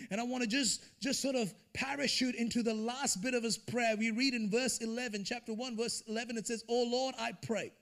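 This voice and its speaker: A male pastor delivers a sermon at a church service, his voice pitched high for a man and textured with gravelly fry. He talks conversationally, dropping into little acted asides before rising to emphatic, near-shouted peaks.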